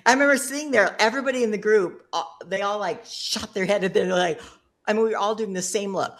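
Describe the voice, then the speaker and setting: A middle-aged woman, a guest in casual conversation, tells a personal story in a chatty, self-deprecating way and laughs often. Her voice is medium-pitched and fast.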